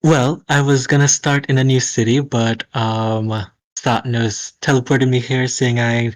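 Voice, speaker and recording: A man's voice: mid-range voice, little pitch movement, measured pace, no room sound, rough recording. A man playing his character in a tabletop game, casual and a bit hesitant. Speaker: player.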